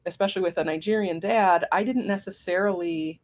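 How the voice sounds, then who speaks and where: A woman co-hosting a podcast who introduces herself in a casual, conversational chat, with quick affirmations while her partner talks. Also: lowish voice. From United States. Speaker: podcast co-host, career coach.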